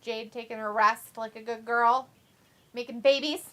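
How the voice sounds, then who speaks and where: A woman's voice: fairly high pitch, fairly even intonation, measured pace, slight background noise. A young woman casually hosting a live watch-along stream, reading chat aloud with playful, giggly asides. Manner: giggly, playful, sing-song outbursts.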